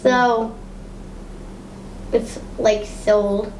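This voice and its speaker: A high-voiced woman chats at home as she decorates a tree, pausing often with ums. The room sounds echoey, with a faint hiss behind her. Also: level tone. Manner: chatty, hesitant with many ums. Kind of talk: casual home vlog chat. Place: home living room indoors.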